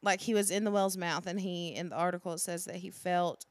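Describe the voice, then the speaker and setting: A young woman co-hosting a podcast, telling stories in casual chat with lots of "like" and excited bursts. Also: on the low side, brisk, no echo. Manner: animated storyteller, lots of "like". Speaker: podcast co-host.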